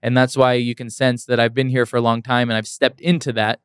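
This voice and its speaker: A man's voice: mid-range voice, level tone, a little fast, clear, resonant tone, dry recording, studio quality. A young adult man, a motivational speaker, telling his story as an interview guest in an earnest, emphatic way, repeating lines for weight.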